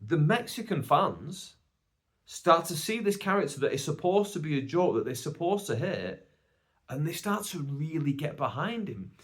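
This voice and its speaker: A man's voice: on the high side, sing-song, normal speed. A British man hosting a casual solo podcast, telling a long story in a chatty, rambling way with many asides. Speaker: podcast host.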